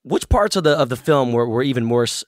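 Fast-talking eager podcast host man. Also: medium pitch, lively intonation, dry recording, clean studio sound. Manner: quick, eager questioner, swears casually. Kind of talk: casual interview questions.

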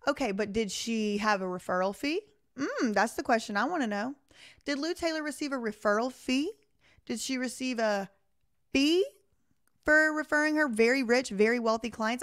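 A woman hosts a casual live stream, reading an article aloud and breaking off to comment. Her voice sits a little high, and she talks straight to her viewers, animated and exasperated. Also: normal speed. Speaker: host of a live reaction stream.

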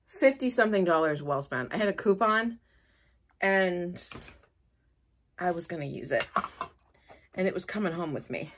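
A woman hosting a casual unboxing vlog, gushing and excitable, with gasps and squeals. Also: lowish voice, moderate pace, pauses often. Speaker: vlogger host.

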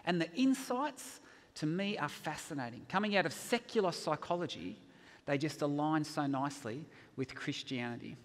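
A man speaks at a chapel gathering with a high voice that leaps all over the place as he tells a story. He acts out the people in it with gusto, and his words ring on in the long reverb of the chapel. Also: normal speed. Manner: animated storyteller who acts out quotes. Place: university chapel.

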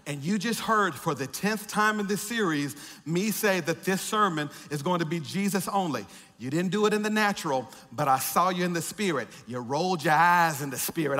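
A man preaching a sermon as pastor, building to repeated shouted refrains and dropping to quiet joking asides. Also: on the high side. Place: large church sanctuary. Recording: reverberant church hall.

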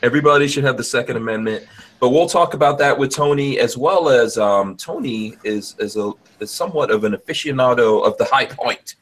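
A man's voice: mid-range voice, fairly quick, fairly bright tone. A man hosting a live podcast in loose casual chat, joking often and full of fillers, speaking over a video call. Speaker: podcast host.

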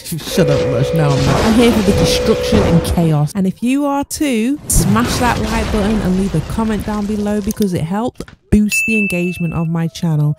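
A woman's voice: medium pitch, normal speed, hardly any pauses, loud music behind the voice. A woman giving amused, chatty commentary over her game as channel host. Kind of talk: gameplay commentary.

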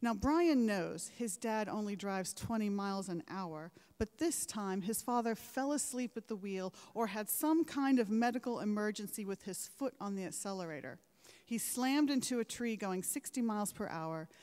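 A woman's voice: mid-range voice, lively intonation, moderate pace, darkish tone. A woman delivering a formal commencement address, engaging her listeners with rhetorical questions and anecdotes. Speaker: commencement speaker. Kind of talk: formal ceremonial speech. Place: large ceremony hall. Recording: echoing large hall.

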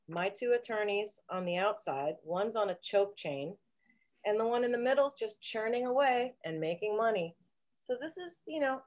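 A woman's voice: medium pitch, darkish tone. A woman guest on a video call, talking casually in a rambling, jokey, theatrical way. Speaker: interview guest.

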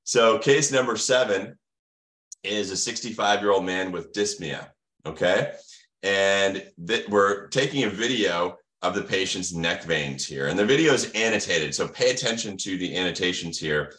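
A man's voice: low-pitched, animated, normal speed, fairly bright tone. A middle-aged American man giving an online medical lecture, asking the audience questions and answering them himself with teacherly enthusiasm. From United States.

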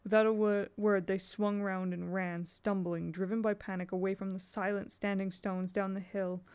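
A woman's voice: medium pitch, a little mellow, clear, resonant tone. A woman reading a children's fantasy novel aloud as an audiobook, telling it evenly and unhurriedly, with small restarts. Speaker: audiobook reader.

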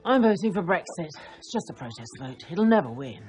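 Brief: a self-absorbed English author, middle-aged, low voice swooping all over, grand and breezy. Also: female voice, sing-song, brisk, crowd noise. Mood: whimsical. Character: flamboyant, vain, eccentric middle-aged woman author. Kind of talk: TV comedy-drama acting.

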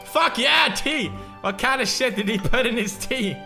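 A man with a Swedish accent, a native Swedish speaker, giving gaming commentary, raging, swearing and yelling at the game. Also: very high-pitched, animated, moderate pace, creaky. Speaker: gaming video creator. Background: game music.

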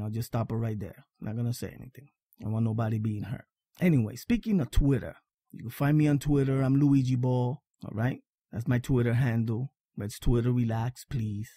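This is a man hosting a sports fan podcast, his voice deep-toned, mellow and husky. He talks emphatically, repeating his points and often asking "all right?" The sound is dry and close. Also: dry recording. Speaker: podcast host. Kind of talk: casual sports fan monologue.

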